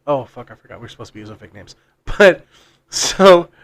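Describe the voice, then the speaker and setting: A man's voice: fairly high pitch, expressive, fairly quick. A man co-hosting a podcast, telling a long story casually in a rambling, profane way. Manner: rambling and profane, with frequent restarts and laughs. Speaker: podcast co-host.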